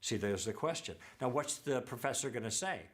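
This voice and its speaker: A middle-aged man leads a church teaching lesson in a mid-pitched voice with a very lively melody. He explains his points through anecdotes and briefly acts out what each person said. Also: fairly quick. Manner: anecdotal, acts out quoted dialogue.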